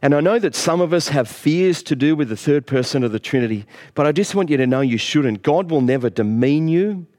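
A man's voice: fairly high pitch, animated, brisk, hardly any pauses, darkish tone. Middle-aged man, pastor, preaching with earnest, rising emphasis. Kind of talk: sermon.

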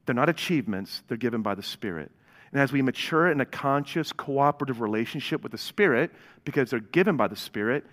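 A man preaching a sermon to a congregation, telling a story and speaking to the crowd directly, moving from hushed to loud and excited. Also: on the high side, in a large hall. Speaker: pastor.

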